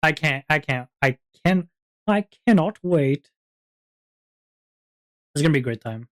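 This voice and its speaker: A streamer ending a casual live stream, rambling with many fillers and plenty of giggling. The voice sits at a middle pitch, and the talk stays loose and unscripted. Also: animated, a little slow.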